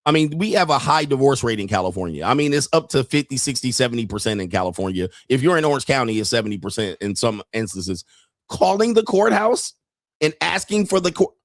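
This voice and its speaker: A man's voice: medium pitch, big pitch swings, a little fast, no echo, clean studio sound. Blunt mocking man. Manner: blunt, mocking, profane, laughs at his own jokes. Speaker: podcast host. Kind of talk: commentary reacting to clips.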